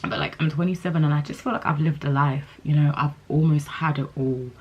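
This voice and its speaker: A woman's voice: low-pitched, fairly even intonation, a little fast, a little mellow, breathy edge, lo-fi sound. A woman in her late twenties talking candidly to camera in a chatty, emotional, rambling vlog. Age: 20s. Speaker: vlogger.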